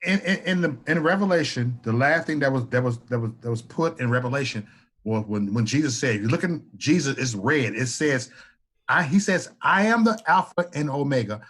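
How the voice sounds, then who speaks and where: A man's voice: medium pitch, a little fast, fairly bright tone. A man on a podcast panel talking in an emphatic, preachy way, repeating himself and swearing. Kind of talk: casual political podcast chat.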